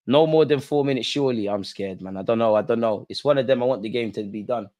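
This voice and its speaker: A young man hosting a football watch-along, reacting live to the match in a slangy, excitable way and pleading with the players. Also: medium pitch, fast talker, hardly any pauses. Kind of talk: live reactive commentary to viewers.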